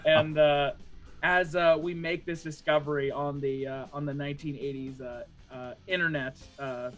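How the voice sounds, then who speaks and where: A man improvising a tabletop adventure scene, halting often with fillers. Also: a little high, fairly even intonation, faint music behind. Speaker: player.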